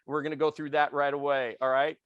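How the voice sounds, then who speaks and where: A man's voice: a little high, flat delivery, fast talker, no echo, highs cut off. A man leading a real estate training class, intense and passionate, firing questions at the room and acting out customers. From Italian family background. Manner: acts out quoted customers in little voices.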